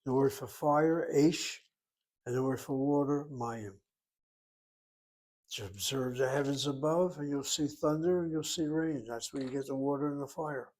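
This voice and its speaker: A man's voice: medium pitch, moderate pace, a little mellow. A man teaching a Hebrew lesson, explaining grammar step by step and thinking aloud as he goes. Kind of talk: informal language lesson.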